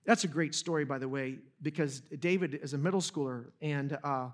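A man's voice: on the high side, moderate pace. A young adult man preaching a sermon, retelling a story casually with jokes and asides to the audience. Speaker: pastor.

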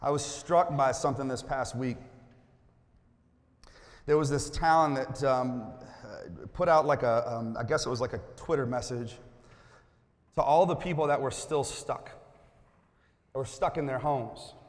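A man's voice: medium pitch, measured pace, pauses often. A man preaching as a pastor, coaxing his congregation to join in, then turning earnest. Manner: playful, coaxing the crowd, then earnest and quiet. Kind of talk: sermon with audience participation. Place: church sanctuary. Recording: long hall reverb.

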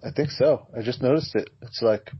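A man chatting casually on a podcast, joking in a dry, deadpan, mumbling way. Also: medium pitch, normal speed, husky. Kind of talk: casual banter. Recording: slightly dull lo-fi audio.

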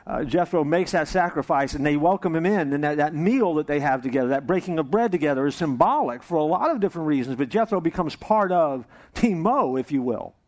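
A man's voice: fairly high pitch, brisk, few pauses. A male pastor preaching a sermon to a congregation, telling a joke with acted-out voices. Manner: animated storytelling, jokes and acted-out voices. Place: church service with congregation.

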